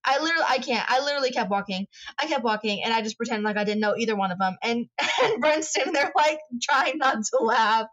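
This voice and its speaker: A woman's voice: fairly high pitch, lively intonation, fast, fairly bright tone. Swearing woman on a dull lo-fi recording. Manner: frank storytelling, heavy swearing. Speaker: podcast co-host. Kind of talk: casual chat. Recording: dull lo-fi sound.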